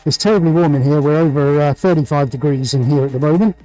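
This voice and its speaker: A man's voice: fairly high pitch, fast, mellow, soft background music, rough recording. A British man hosting a painting livestream, talking to viewers in an upbeat, enthusiastic way and full of superlatives. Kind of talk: livestream commentary.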